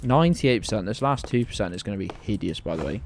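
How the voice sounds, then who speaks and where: A man's voice: fairly low pitch, expressive, fast talker, few pauses, background noise. A British man giving casual, sarcastic and sweary commentary while streaming a video game. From Britain.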